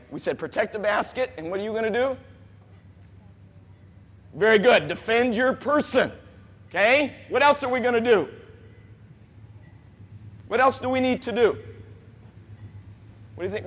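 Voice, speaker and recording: A man coaching a youth basketball clinic, quizzing the players and repeating key points with animated energy. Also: extremely high pitch, slightly rough, in a large hall. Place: gym with players on court.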